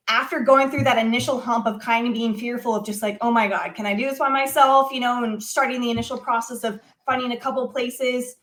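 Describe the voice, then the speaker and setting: Woman, young adult, interview guest, animated storytelling, fillers, slightly high voice. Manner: animated, many fillers like "um" and "you know". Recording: echoey room.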